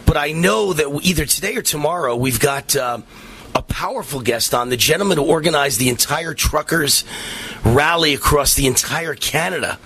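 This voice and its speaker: A man's voice: fairly high pitch, moderate pace, slightly rough. A middle-aged man hosting a radio talk show, delivering a fiery, emphatic political monologue full of repetition. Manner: emphatic, repetitive, rising to shouts.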